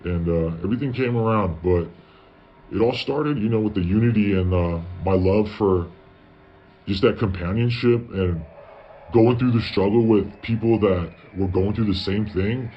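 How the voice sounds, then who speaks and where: A guest recounts a long, casual story in a fairly low voice at a moderate pace, full of profanity and constant "I was like" self-quotes. The setting is his parents' garage, and the lo-fi sound is dull with faint background noise.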